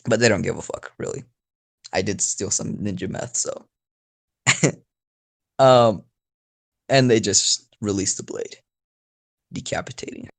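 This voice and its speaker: A man's voice: on the low side, a little slow, vocal fry, long pauses. A man telling an improvised story in a rambling, profane, casual way, with frequent laughs. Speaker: storyteller YouTuber.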